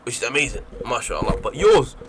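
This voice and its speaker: A young man co-hosting a radio talk show, joking fast and stumbling over his words. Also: medium pitch, big pitch swings, creaky, noisy background. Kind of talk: casual banter.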